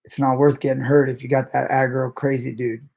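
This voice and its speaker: A man coaching grappling talks casually to his viewers about the messages he gets. He is blunt, swears freely and laughs often, and his voice sits at an ordinary middle pitch. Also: level tone, brisk, gravelly, darkish tone.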